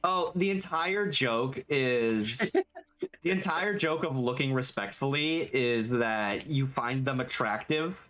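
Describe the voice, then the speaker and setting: A live streamer chatting casually while working, reading chat aloud, swearing freely and quick to get excited and laugh. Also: medium pitch. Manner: gets excitable and laughs easily. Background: faint background music.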